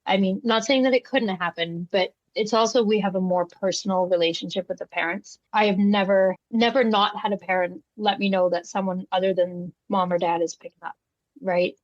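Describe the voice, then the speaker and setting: With a mid-range voice at a moderate pace, a woman co-hosting a laid-back podcast spins animated stories from her work as a day home provider, performing the different voices. The sound is dry, dull and lo-fi.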